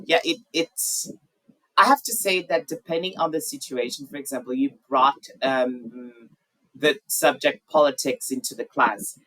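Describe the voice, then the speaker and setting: A man's voice: mid-range voice, a little slow, a bit bright, rough recording. A man teaching an English class, asking students questions and chatting frankly about his own views. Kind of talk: conversational class discussion.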